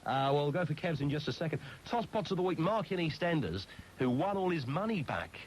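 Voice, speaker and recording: A man hosting a radio show, chatting in a jokey, lively way. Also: fairly high pitch, fairly quick, low-quality recording. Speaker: radio host. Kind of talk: casual radio chat. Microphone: studio microphone. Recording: faint background noise on an old radio recording.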